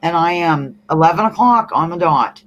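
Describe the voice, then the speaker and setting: A woman from the eastern US hosting a casual livestream, reading chat comments aloud in an animated, laughing way. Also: on the low side, normal speed, lo-fi sound. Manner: animated, laughing, reads comments in playful voices. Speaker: livestream host.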